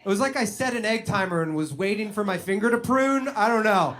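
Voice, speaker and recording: A young man doing stand-up, telling a story in an animated way and acting out the voices of other people. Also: high voice, brisk. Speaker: stand-up comedian.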